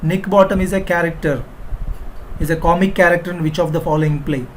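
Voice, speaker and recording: A male literature teacher with an Indian English accent gives an online exam-prep lecture, asking the class questions and filling pauses with "uh". His voice sits a little high, and a faint hiss of noise runs under the recording. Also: fairly even intonation, low-quality recording. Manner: repetitive, quizzing students, frequent uh fillers.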